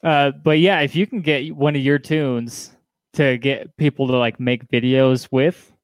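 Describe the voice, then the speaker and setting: A man's voice: medium pitch, steady tone, a little slow, no room sound. A man hosting a casual podcast chat, laid-back and profane, laughing easily. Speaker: podcast host.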